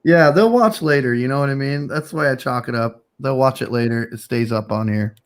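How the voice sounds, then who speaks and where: A man's voice: mid-range voice, a little fast, clean tone. A man hosting a casual livestream chat, telling a story in a rambling, laid-back way with lots of fillers. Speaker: streamer host.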